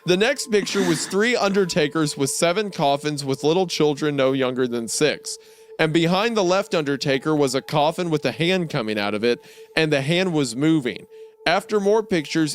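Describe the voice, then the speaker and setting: A man's voice: a little high, animated, moderate pace. A young man on a comedy podcast, reading a creepy story aloud and often laughing partway through his sentences. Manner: laughs often, breaks into giggles mid-sentence. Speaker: podcast co-host.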